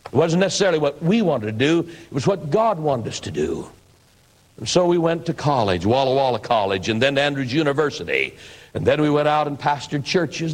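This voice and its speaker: An older man from Idaho, an evangelist preacher, telling his life story in a sermon with folksy, animated delivery and acted-out quotes. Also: on the high side. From Idaho, USA.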